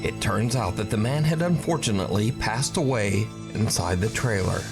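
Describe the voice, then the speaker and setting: A man's voice: on the low side, lively intonation, moderate pace, gravelly. A man giving dramatic, suspenseful scripted narration for a paranormal video. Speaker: documentary narrator. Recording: narration over loud music.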